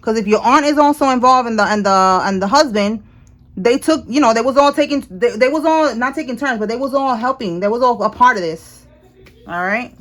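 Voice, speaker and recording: A woman's voice: a little high, fairly quick. Blunt, emphatic woman reading tarot. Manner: blunt, emphatic, swears freely, repeats "all right?". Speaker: tarot reader. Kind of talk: casual tarot reading to viewers. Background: people talking in the house.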